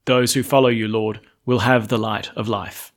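Priest preaching with light humor. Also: male voice, fairly low pitch, flat delivery, moderate pace. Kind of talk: Mass reading and homily.

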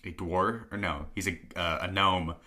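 A man's voice: deep voice, steady tone, moderate pace, sharp tone. A young man co-hosting a podcast in casual chat, laid-back, laughing often and saying "like" a lot. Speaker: podcast co-host.

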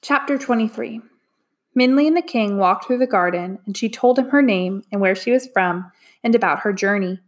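A woman narrating a storybook in a calm, even way. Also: mid-range voice, normal speed. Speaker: audiobook narrator. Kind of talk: storybook reading.

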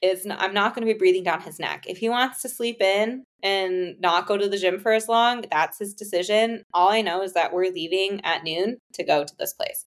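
A woman's voice: medium pitch, moderate pace, hardly any pauses. A young woman telling a personal story in casual conversation, filling it with "like" and acting out both sides of past exchanges. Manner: conversational, many fillers, acts out dialogue. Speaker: guest telling her story.

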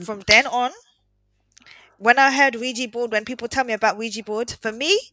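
Bright-voiced British woman telling a story. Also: fairly high pitch, moderate pace, no room sound. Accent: British English. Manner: lively, emphatic storytelling. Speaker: podcast co-host. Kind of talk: casual chat, storytelling.

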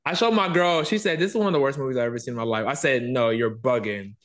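A man's voice: medium pitch, fast. A man hosting a podcast, telling stories animatedly in casual conversation. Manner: animated storytelling, swearing. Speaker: podcast host.

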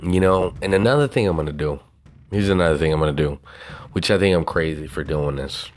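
A man's voice: rumbling low, fairly quick. A man hosting his own podcast in a casual, rambling, boastful and profane way, with a Southern US twang. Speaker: podcast host. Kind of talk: casual solo podcast talk.

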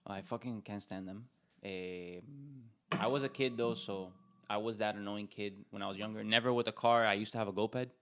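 A man co-hosting a podcast in casual chat, animated and saying "bro" a lot, getting loud when he's excited. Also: fairly low pitch, normal speed, clean tone. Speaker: podcast co-host.

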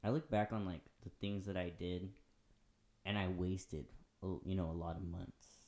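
Brief: very low-pitched guest, earnest and reflective, casual chat. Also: male voice, fairly even intonation, moderate pace, warm tone. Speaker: podcast guest.

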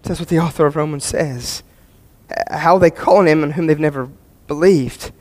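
A male pastor preaching a sermon, earnest, repeating key phrases and swinging from emphatic peaks to quiet, low passages. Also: moderate pace.

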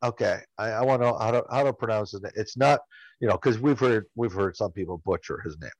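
A man co-hosting a casual lacrosse chat, telling stories with many halting restarts. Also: on the low side, darkish tone, no echo, dull audio. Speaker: lacrosse podcast co-host.

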